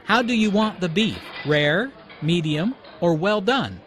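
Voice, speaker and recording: A man playing a polite restaurant waiter in a slow scripted language-learning dialogue. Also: high voice, expressive, fairly bright tone, voice pushed up. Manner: slow, polite textbook delivery.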